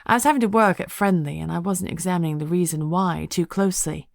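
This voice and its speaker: A woman narrating a first-person audiobook in a wry, even storytelling way. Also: on the low side, quick pace, creaky, dry recording, studio quality.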